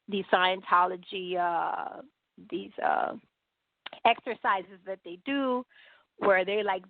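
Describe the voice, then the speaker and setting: Over dry, phone-like audio with no echo, a new woman with a medium-pitched voice tells a story as a podcast guest. She's from New York and speaks in an animated, conversational way, acting out people's dialogue and filling her speech with fillers on the tinny line.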